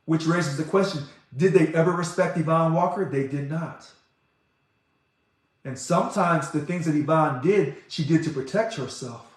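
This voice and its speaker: A man speaking as an organization president in an impassioned monologue, talking fast and loud when he gets excited. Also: on the high side. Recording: very echoey room.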